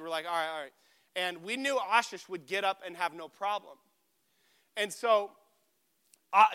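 A man's voice: sits high, sharp tone, smooth. A young adult man preaching a sermon as pastor, telling a funny personal story with acted-out dialogue. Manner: storytelling with self-deprecating humor and acted dialogue.

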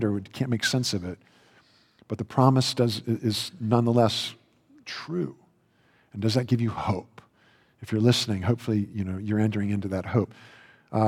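A man preaching a sermon in a conversational, earnest way, often restarting his sentences and lifting his pitch for emphasis. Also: a little mellow, slightly rough, in a large hall. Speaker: pastor.

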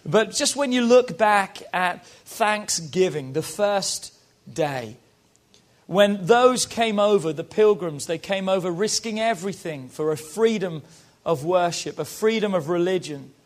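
A man's voice: high-pitched, expressive, measured pace. A British man preaching as a pastor, rousing and calling on the congregation to repeat lines after him. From Britain. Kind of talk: sermon.

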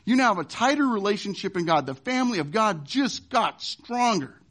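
A male pastor delivering a sermon. His voice sits high, and he preaches emphatically, pushing some points hard and dropping others to a hush. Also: big pitch swings, moderate pace. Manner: emphatic preaching, wide swings from loud to hushed.

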